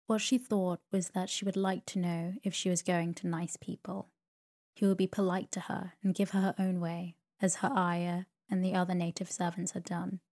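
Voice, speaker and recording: A woman narrating a sleep story in a slow, soothing reading voice. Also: on the low side, level tone, darkish tone.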